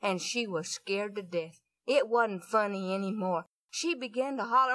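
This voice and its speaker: A woman's voice: medium pitch, normal speed, few pauses, sharp tone, slight background noise. A woman telling a folksy story in a chatty way, with many asides to her listeners.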